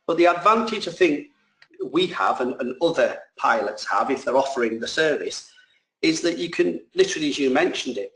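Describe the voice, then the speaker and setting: A man's voice: mid-range voice, fairly bright tone, reverberant, poor audio. A man, a drone pilot and trainer answering questions in a casual, rambling way that often corrects itself mid-sentence.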